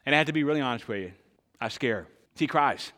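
A man's voice: mid-range voice, lively intonation, fast talker. Older man preaching in a long-echo hall. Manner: emphatic preacher, asks the congregation questions, swings loud and soft. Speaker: pastor. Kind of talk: sermon.

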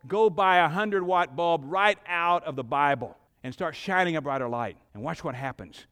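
A middle-aged man preaching a sermon as pastor, emphatic, with dramatic pauses and swelling intensity, in a church sanctuary. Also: on the high side, a bit bright, clean tone. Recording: long hall reverb.

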